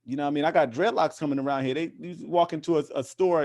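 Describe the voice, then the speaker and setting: A man's voice: fairly high pitch, steady tone, fast talker, hardly any pauses, a little mellow. Passionate man with many restarts. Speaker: interview guest, activist. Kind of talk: casual conversational interview.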